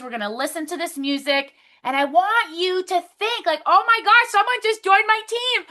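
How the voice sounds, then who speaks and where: Bright, high-voiced upbeat woman coaching. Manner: upbeat, coaching, breaks into excited affirmations. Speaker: team leader. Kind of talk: motivational team call.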